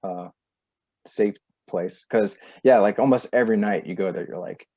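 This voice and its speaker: Male host, low dark voice, loose rambling storyteller. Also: normal speed, husky. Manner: rambling storyteller, many fillers. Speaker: podcast host. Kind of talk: casual chat.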